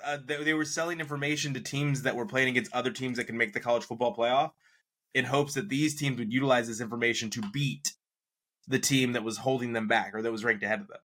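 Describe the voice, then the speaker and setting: A man co-hosting a sports debate show, pushing back with skeptical jabs and frequent laughs. His voice is bright with an edge of tension. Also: medium pitch, fairly even intonation, quick pace. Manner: skeptical, teasing, laughs often. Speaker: sports talk co-host.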